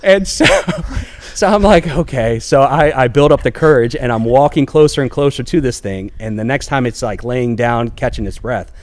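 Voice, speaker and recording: Guest spot, man in his 40s from Virginia, animated storyteller, laughs a lot, mid pitch. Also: normal speed. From Newport News, Virginia. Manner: animated storyteller, laughs often, acts out voices. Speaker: assistant police chief, guest. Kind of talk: casual storytelling interview.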